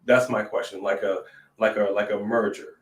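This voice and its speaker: A man co-hosting a casual wrestling chat, animated, riffing and joking. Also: fairly low pitch, normal speed, recorded from a distance, slight background noise. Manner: animated, sings jokingly, reads in a newscaster voice. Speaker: podcast co-host. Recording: echoey room, off-mic.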